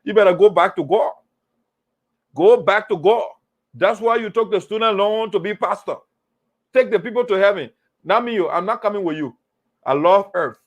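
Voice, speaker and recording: A man hosting a political talk show, animated and mocking, repeating phrases for emphasis. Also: high voice, normal speed, long pauses. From Liberia. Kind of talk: political commentary monologue.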